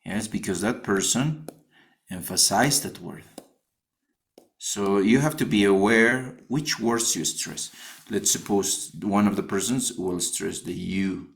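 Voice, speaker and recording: A man's voice: lowish voice, a little slow, vocal fry. A man with a Spanish accent teaching a phonetics class, explaining an assignment and often rephrasing as he goes. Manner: repeats and rephrases himself while explaining.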